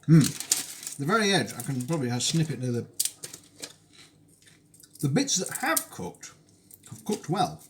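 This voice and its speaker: Chatty British man with a lively voice. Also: a little high, a little slow, pauses often, a little hiss or hum. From United Kingdom. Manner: chatty and wry, with tangents and dry asides. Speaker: streamer cooking live. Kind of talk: casual cooking stream chat. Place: home kitchen.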